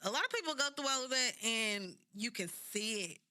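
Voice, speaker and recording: A woman in her thirties with a light Kentucky twang talks in a chatty, casual way, full of fillers. Her voice is very bright and sharp, and the recording is close and dry. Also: a little high, expressive, brisk, no room sound. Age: 30s. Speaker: podcast co-host. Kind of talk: casual chat.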